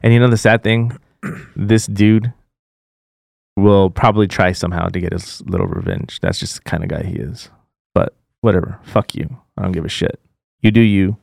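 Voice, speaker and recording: A man's voice: sits low, animated, moderate pace, vocal fry, a little mellow, no echo, studio quality. Heated, profane podcast co-host man. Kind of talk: casual podcast chat.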